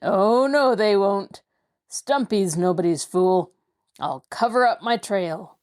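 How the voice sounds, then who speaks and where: A woman's voice: mid-range voice, takes it slowly, a little mellow, close to an everyday voice. A woman voicing a ruthless, boastful male crook who sneers and gloats. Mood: gloating.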